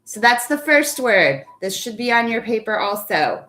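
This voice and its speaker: A young adult woman teacher leading a live online phonics lesson, patiently praising children by name and spelling out words deliberately. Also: on the high side, sing-song, pushed and bright.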